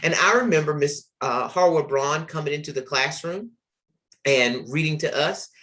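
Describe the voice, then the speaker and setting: Speaking at a moderate pace with a fairly high, pushed, bright voice, a man in his forties who hosts a literacy podcast tells earnest personal stories. His reflective storytelling includes the odd filler word.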